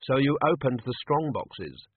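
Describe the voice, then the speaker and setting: A man voicing a pleasant-spoken, quietly menacing gang leader, on a tinny, phone-like recording. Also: mid-range voice, big pitch swings, a little slow, breathy edge, no echo, voice pushed up. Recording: tinny phone-like dry audio.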